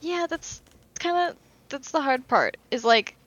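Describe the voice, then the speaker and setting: A woman co-hosting a casual podcast, telling stories in an animated, chatty way with some casual swearing. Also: high-pitched, measured pace, muffled recording. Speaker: podcast co-host.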